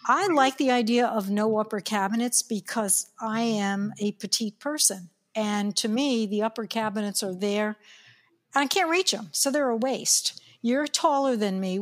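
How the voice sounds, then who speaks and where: A woman's voice: medium pitch, moderate pace. A woman from New York leading a casual chat about kitchen design. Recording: long reverb in the room.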